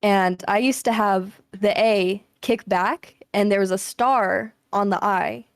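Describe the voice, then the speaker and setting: A young woman hosting a live stream, telling a story in a casual, animated way, swearing freely. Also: medium pitch, slow pace, no room sound, studio quality. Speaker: streamer host.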